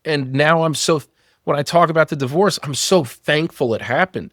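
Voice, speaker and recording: A man's voice: medium pitch, a bit bright, no room sound, clean studio sound. A man in his thirties, a company founder, telling personal stories frankly and swearing freely in a candid podcast conversation. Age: 30s.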